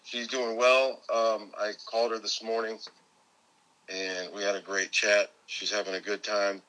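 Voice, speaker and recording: A man's voice: on the low side, little pitch movement, a little slow, pushed and bright, low-quality recording. A man from Florida, a guest calling in by phone, chatting casually and joking easily. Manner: easygoing, joking, chuckling storyteller. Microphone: phone call.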